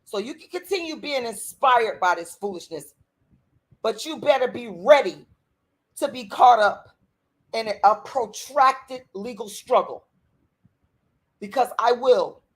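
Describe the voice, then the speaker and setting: A woman's voice: a little high, slightly rough. Furious woman ranting at her critics. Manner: furious, confrontational, heavy profanity, threatening. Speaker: channel host. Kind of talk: angry direct-to-camera rant.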